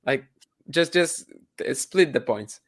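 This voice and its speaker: A man with a gravelly, fry-laced voice trades blunt tennis opinions in casual chat. He leans on fillers and sounds dismissive of dull matchups. He is heard over a remote call setup. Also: mid-range voice, animated, slow. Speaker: co-host tennis pundit.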